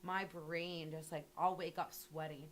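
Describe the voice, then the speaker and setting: A woman's voice: low voice, little pitch movement, unhurried. A young woman talking casually and animatedly, rambling with lots of filler words and swearing. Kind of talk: casual interview monologue.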